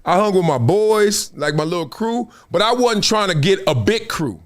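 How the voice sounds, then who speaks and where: Lively, high-pitched man hosting a live stream. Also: moderate pace. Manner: animated storytelling, acts out quotes, laughs often, swears. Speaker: host. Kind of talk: animated casual live-stream talk.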